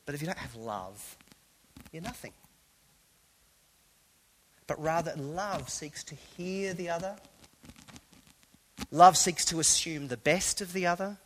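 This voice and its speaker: Male preacher, sermon, slightly high voice, animated, conversational, playful asides, church congregation, faint background hiss. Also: slow pace, pauses often, low-quality recording. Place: church hall before a congregation.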